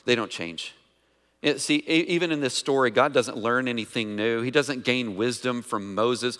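At a normal pace and medium pitch, a man with a somewhat bright voice preaches as pastor, addressing the congregation conversationally with questions. Long hall reverb from the sanctuary is heard.

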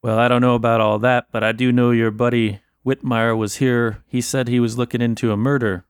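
A man voicing a blunt, suspicious 1920s police officer in a tabletop role-play, gruff and dismissive. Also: mid-range voice, little pitch movement, brisk, no room sound, clean studio sound, natural voice. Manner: gruff, plain-spoken, dismissive. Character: blunt suspicious male 1920s Boston cop.

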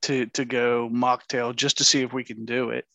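A married man co-hosting a casual podcast, eager and halting, tripping over his words as he pitches ideas. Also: level tone, creaky, a bit bright, no room sound. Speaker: podcast co-host. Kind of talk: casual chat.

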